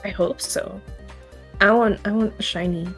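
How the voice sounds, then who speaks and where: A woman's voice: medium pitch, normal speed, slightly rough, faint music behind. A young woman chatting casually as an interview guest on a voice call, laughing often and swearing now and then. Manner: giggly, swearing, lively. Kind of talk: casual online chat.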